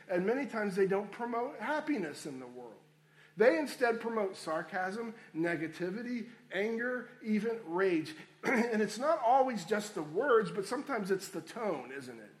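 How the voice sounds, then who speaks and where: A man's voice: high voice, sing-song, normal speed. A man preaching a sermon, addressing listeners as friends and repeating key phrases for emphasis. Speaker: pastor.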